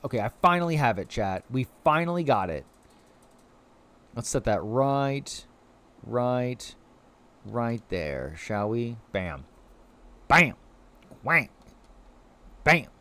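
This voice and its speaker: A man's voice: mid-range voice, unhurried. A man live-streaming a video game, rambling casually to his chat with many filler words and cooing at the creatures on screen. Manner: animated, rambling, heavy "like" fillers; coos playfully at game creatures.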